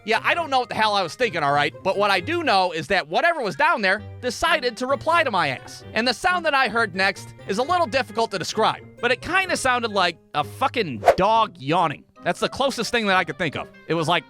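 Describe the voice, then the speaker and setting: A man's voice: sits high, big pitch swings, fast talker, few pauses, pushed and bright, soft background music. A man telling a comedic story in a sarcastic, exasperated, profane manner.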